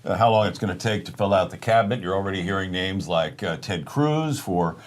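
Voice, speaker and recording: A man's voice: low voice, fairly quick. A man co-hosting a casual political talk show, steadily setting up topics and answering his partner with short agreements. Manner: steady, conversational, leads topics with brief agreements. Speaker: co-host.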